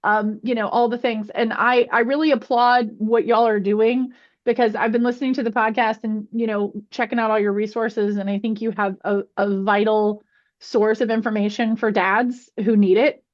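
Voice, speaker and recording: Earnest woman guest, reflective, raised pitch, dull lo-fi line. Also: flat delivery, normal speed. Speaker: guest presenter. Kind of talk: casual podcast chat. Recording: muffled lo-fi audio.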